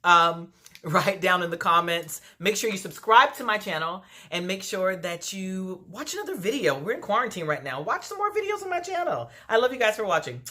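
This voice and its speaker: A chatty vlogger gossips through a reality TV recap from home. The talk is full of asides and fillers. The voice sounds bright and tense, at a middling pitch. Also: animated, moderate pace. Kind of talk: casual chatty commentary.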